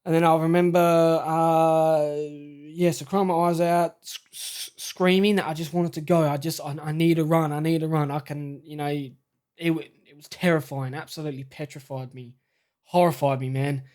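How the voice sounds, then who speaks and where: An Australian man telling a personal story in a halting, stammering, shaken way. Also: on the high side, little pitch movement, darkish tone, smooth. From South Australia. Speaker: vlogger.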